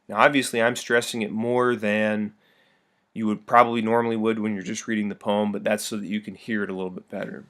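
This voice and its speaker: A man teaching a recorded video lesson in a friendly, upbeat way, reading verse slowly with heavy stress. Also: fairly low pitch, flat delivery, fairly bright tone.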